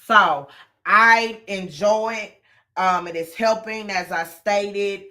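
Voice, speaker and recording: A woman hosting a casual live chat from home, talking easily with frequent ums and pauses. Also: medium pitch, bright, forceful tone.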